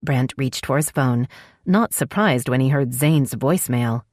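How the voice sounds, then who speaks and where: A woman narrating a romance audiobook in an expressive, scripted style, close to the mic. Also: measured pace, no echo. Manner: expressive, voices dialogue with sharp pitch jumps.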